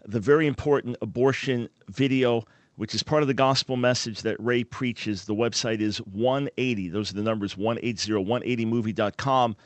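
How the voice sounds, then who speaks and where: A man with a New York accent hosting a radio talk show, energetic as he introduces callers and plugs websites. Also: medium pitch, moderate pace, no echo.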